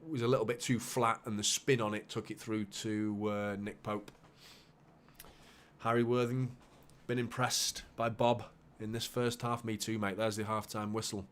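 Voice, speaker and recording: Man giving excitable fan commentary. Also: lowish voice, normal speed, a little hiss or hum. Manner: excitable play-by-play, drops to muttered asides. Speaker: football watchalong host. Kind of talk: live match commentary for a fan watchalong.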